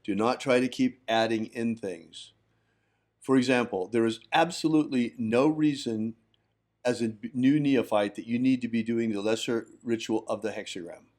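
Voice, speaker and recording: Man, host, firm teaching, instructive, mid pitch. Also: normal speed, a little mellow. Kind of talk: teaching talk on a livestream.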